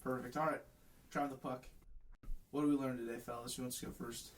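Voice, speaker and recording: A man's voice: medium pitch, steady tone, fairly quick, recorded from a distance. A young man co-hosting a podcast in upbeat casual chat, steering the segments. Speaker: podcast co-host.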